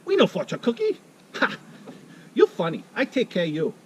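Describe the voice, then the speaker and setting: A man's voice: high voice, huge pitch swings, moderate pace, slight background noise, pitched above the performer's own voice. A man voicing a tiny, pushy waitress woman who talks in short, clipped, insistent phrases. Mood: amused.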